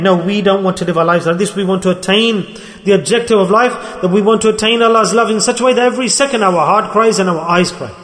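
High-voiced man preaching in an echoey hall. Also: a bit bright. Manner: earnest, repetitive, emphatic phrasing. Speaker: religious teacher. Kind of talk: sermon.

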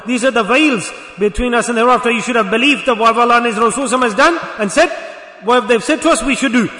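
A man's voice: very high voice, quick pace, sharp tone. A man giving a sermon, telling a story and putting rhetorical questions to his listeners. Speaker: preacher. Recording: echoey hall.

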